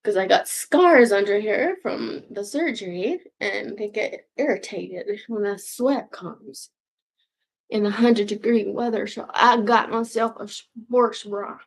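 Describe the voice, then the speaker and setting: Goofy, slow-talking woman in her sixties. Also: medium pitch, gravelly. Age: 60s. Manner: goofy, swearing, self-mocking, drifts in and out of whispers. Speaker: vlogger. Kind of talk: rambling casual chat. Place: home room.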